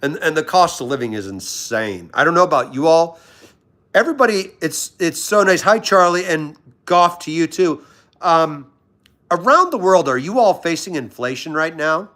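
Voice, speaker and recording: A man's voice: a little high, lively intonation, moderate pace, sharp tone. A man from Washington, D.C., hosting a casual livestream, chatting in a friendly, rambling way and greeting viewers by name. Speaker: livestream host. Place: at home in pajamas.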